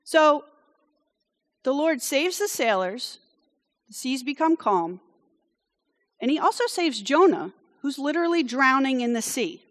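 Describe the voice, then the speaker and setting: A woman's voice: high voice, animated, unhurried, long pauses, in a large hall. A woman who grew up in France preaches a conversational sermon. She tells the story casually, with wry asides and frequent "okay?" check-ins to her listeners.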